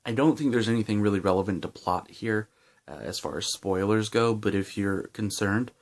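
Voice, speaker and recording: Man, lowish voice, casual book vlogger, rambling and enthusiastic, gum in his mouth. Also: moderate pace. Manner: enthusiastic, rambling with many fillers and restarts. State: chewing gum. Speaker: book reviewer. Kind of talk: casual book review vlog.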